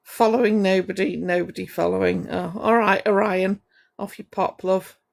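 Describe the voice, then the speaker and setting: A woman's voice: mid-range voice, steady tone, moderate pace, vocal fry. A woman on a livestream, confrontationally scolding someone while greeting viewers by name between points. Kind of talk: ranting livestream monologue to chat.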